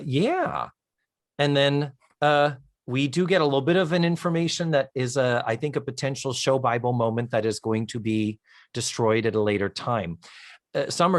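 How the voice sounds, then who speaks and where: A man co-hosting a podcast, retelling a sitcom episode with animated storytelling, acting out its lines and swearing for comic effect. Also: medium pitch, moderate pace, no echo, clean studio sound. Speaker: podcast co-host. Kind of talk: casual recap chat.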